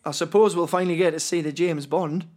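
A man's voice: a little high, steady tone, fast, a little mellow. A man co-hosting a podcast in casual chat, joking and laughing through his lines. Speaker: podcast co-host and streamer.

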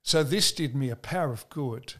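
An earnest man from Australia tells stories and makes his points at a measured pace. He leans on his key words and slows down to stress them. His voice sits at an ordinary middle pitch. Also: a bit bright. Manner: measured, earnest storytelling with slow emphatic stresses. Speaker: preacher. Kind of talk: interview answers.

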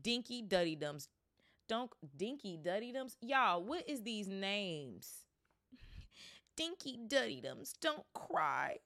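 A woman voicing a fussy, shrill middle-aged aunt who snaps at people, in a high, sharp voice. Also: very animated, slow, dry recording, studio quality, full character voice. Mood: cooing. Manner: high snapping outbursts.

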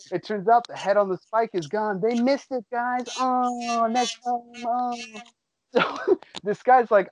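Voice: mid-range voice, darkish tone. A podcast host giving a casual comedic recap of a show, incredulous and sarcastic, swearing freely. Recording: dull lo-fi recording.

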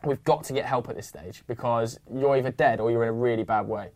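A man hosts a casual podcast chat, telling a story with lively, vivid energy. His voice sits at an ordinary middle pitch, and he swears freely as he talks. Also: fast. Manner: animated, vivid retelling with swearing. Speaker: podcast host.

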